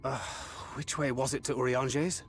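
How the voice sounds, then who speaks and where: A man voicing a puzzled male adventurer companion in a game, muttering low. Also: level tone, moderate pace, faint music behind, lightly acted.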